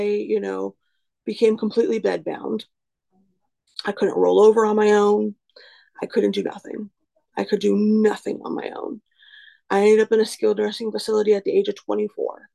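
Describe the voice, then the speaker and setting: A woman's voice: medium pitch, vocal fry, warm tone, poor audio. A woman in her twenties gives a candid personal testimony in a frank, self-deprecating way, rambling with lots of "you know" and "um". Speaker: recovery speaker sharing her story.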